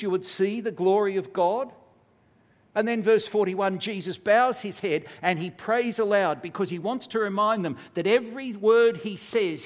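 A man preaching a sermon, acting out quotes in a dramatic way with big swings of voice. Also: high-pitched. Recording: long hall reverb.

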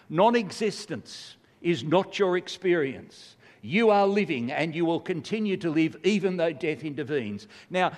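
An older man preaching a sermon, earnest and building to emphatic rhetorical questions. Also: high-pitched. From Australia. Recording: long hall reverb.

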